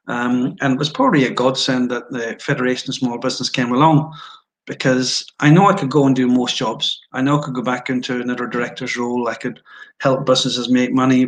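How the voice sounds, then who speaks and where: A man's voice: mid-range voice, low-quality recording. Scottish male guest, mid-range voice, candid and self-mocking storyteller. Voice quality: frank, self-deprecating, anecdotal. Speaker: interview guest.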